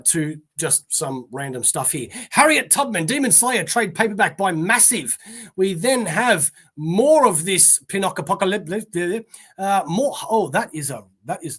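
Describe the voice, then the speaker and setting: Solo Australian male host, higher voice, reads the list flat, mutters asides. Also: husky. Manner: reads titles like a newscaster, trailing off into mumbled asides. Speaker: comic shop pre-order show host. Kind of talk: casual solo list reading.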